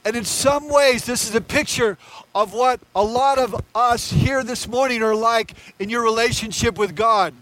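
A man's voice: extremely high pitch, normal speed, a bit bright, poor audio. A male pastor preaching a sermon in an earnest, conversational way, talking straight to his congregation.

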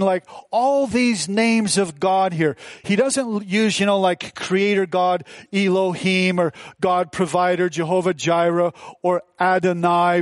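A man's voice: high voice, no room sound. A male pastor teaching a sermon in a loose, conversational way, full of asides and fillers.

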